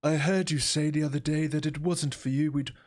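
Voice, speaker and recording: A man's voice: a little high, steady tone, darkish tone, voice pushed up, lightly acted. Man doing a stately old English king. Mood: dry teasing. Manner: formal, measured parliamentary address. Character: stately older male British monarch, dry wit.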